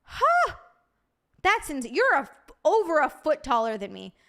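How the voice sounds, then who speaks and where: Young woman streamer, casual chat with viewers, swears freely, bubbly, voice sits a bit high. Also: big pitch swings, a little fast, a bit bright. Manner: profane, bubbly banter. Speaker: live streamer.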